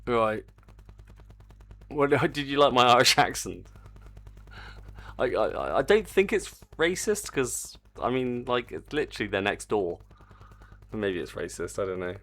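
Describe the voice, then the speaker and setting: Animated, excitable man streaming his game dev. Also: mid-range voice, a little slow, pauses often. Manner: chatty, excitable, swears freely. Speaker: indie game developer streaming. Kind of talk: casual live-stream commentary. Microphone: desk mic on a stand.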